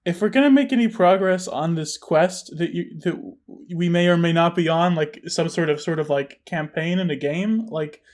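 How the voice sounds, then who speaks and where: A man's voice: a little high, normal speed, hardly any pauses, darkish tone, natural voice. Man voicing an earnest coaxing woman traveler. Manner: coaxing, rambling, self-interrupting. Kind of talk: tabletop game role-play.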